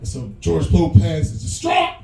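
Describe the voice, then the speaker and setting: A man with a New York accent doing a stand-up set, loose and crude, often jumping into high put-on voices. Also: huge pitch swings, a little slow, gravelly, a little mellow, reverberant, far from the mic, rough recording. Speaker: stand-up comedian headlining a bar. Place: small bar comedy stage.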